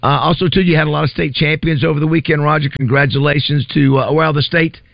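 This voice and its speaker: A man's voice: a little high, steady tone, quick pace, vocal fry, no echo. A man co-hosting a sports radio show, chatting casually, laughing often and quizzing his co-hosts. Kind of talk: casual sports talk banter. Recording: dull lo-fi radio broadcast.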